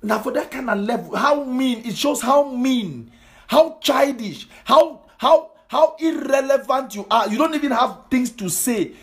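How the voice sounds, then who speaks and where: High-voiced Cameroonian man ranting. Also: expressive, moderate pace. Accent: Cameroonian Pidgin English. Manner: scolding, repetitive rhetorical questions. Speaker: political commentator. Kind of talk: impassioned social media monologue.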